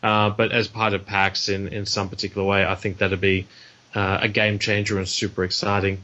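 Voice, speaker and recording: Bright-voiced Australian man, rambling guest. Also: fairly low pitch, little pitch movement, a little fast. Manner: rambling, self-deprecating, many restarts. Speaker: podcast guest. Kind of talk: casual podcast chat. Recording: dull lo-fi audio.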